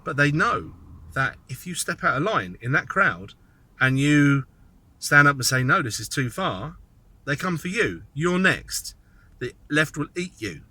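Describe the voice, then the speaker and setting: A man's voice: fairly high pitch, sing-song, unhurried, sharp tone, husky, no echo. A man giving a rambling, sardonic commentary monologue, thinking aloud as he goes. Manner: sardonic, mocking asides. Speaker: political commentator.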